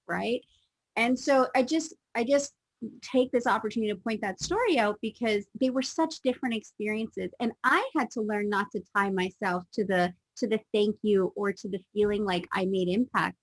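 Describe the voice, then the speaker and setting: A woman guest telling a personal story in conversation, animated and acting out the voices in it. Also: mid-range voice, normal speed, no echo, poor audio. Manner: animated, acts out voices in her stories. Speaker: guest speaker.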